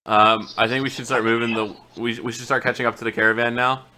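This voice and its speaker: Bright, hesitant male player. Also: mid-range voice, little pitch movement, fast talker. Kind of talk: tabletop game chat.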